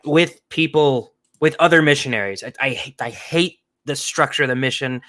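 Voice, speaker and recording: A young man co-hosting a casual podcast, ranting and acting out the people in his stories. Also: mid-range voice. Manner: animated storytelling, acts out quoted people. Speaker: podcast co-host.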